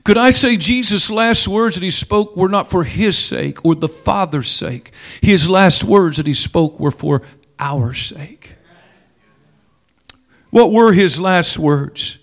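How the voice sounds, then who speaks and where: A man preaching a sermon in a slow, deliberate way, with dramatic rises and drops in his delivery. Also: sits high.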